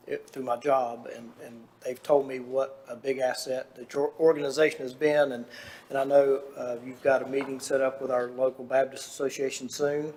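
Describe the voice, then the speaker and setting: Board member, man, earnest and monotone, with some hesitant ums. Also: medium pitch. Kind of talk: comment at a public meeting. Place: county board meeting room.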